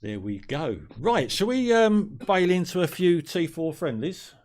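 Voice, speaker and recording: A man's voice: high voice, animated, a little slow, a little mellow. A man hosting a live stream, chatting casually and greeting viewers by name. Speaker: stream host.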